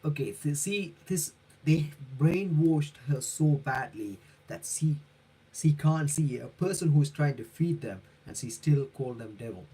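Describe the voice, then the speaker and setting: A man live-streaming his reaction to a comic chapter, reading it aloud haltingly and correcting himself as he comments. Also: a little high, animated, dark tone, slightly rough, poor audio. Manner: halting, with frequent self-corrections.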